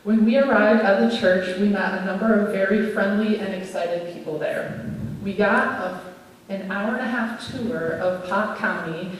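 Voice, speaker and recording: A pastor's wife from Minnesota, USA, with a mid-range voice and moderate pace, reads an earnest, personal anniversary speech from her notes in a church sanctuary. The mic is distant, and the church hall sounds echoey.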